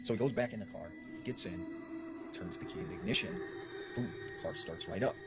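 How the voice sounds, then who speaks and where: A man's voice: lowish voice, a little fast. A man telling a paranormal encounter story, acting out the quoted lines of the people in it. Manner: acts out quoted dialogue while retelling. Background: background music.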